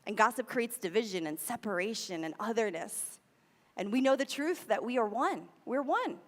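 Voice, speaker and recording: A woman's voice: fairly high pitch, expressive, normal speed. Woman giving a conversational sermon in a reverberant hall. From United States. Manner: conversational, repeats key phrases for emphasis. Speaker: speaker at a spiritual center. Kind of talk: sermon talk.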